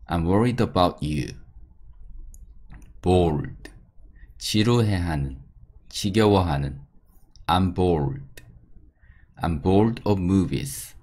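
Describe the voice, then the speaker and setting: A man with a deep, low voice reads an English vocabulary drill at an unhurried pace. He gives each word, its meaning, then short example sentences. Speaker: English teacher. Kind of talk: slow vocabulary drill reading.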